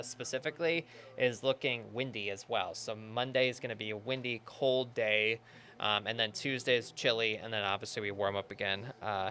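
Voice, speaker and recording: A young man, a TV meteorologist chatting casually about the weather in a news studio, relaxed with lots of fillers. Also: medium pitch, a little hiss or hum. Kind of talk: casual on-air weather chat.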